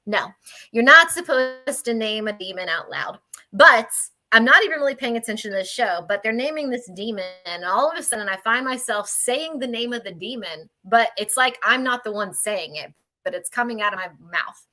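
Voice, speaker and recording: A woman paranormal investigator telling a story in an animated, chatty way on a video call, laughing mid-sentence. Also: fairly high pitch, moderate pace. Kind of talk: casual storytelling.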